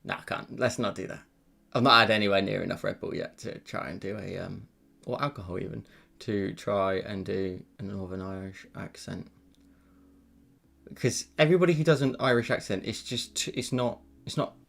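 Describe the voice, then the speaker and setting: A man's voice: on the low side, moderate pace, gravelly, a bit bright. A man chatting casually on a live stream while he draws, rambling with self-deprecating asides into a desk mic. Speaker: live-streaming digital artist.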